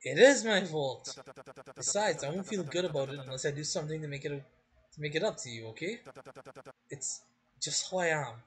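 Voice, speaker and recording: A man reading game dialogue aloud as a soft-spoken, apologetic young man who makes coffins. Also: a little high, expressive, normal speed, pauses often, slightly rough.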